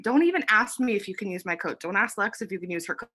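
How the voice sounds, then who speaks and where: A woman's voice: medium pitch, animated, fast talker, pushed and bright. Breathless, chatty young woman. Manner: chatty, frequent fillers, blunt swearing. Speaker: team leader. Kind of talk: casual motivational team chat.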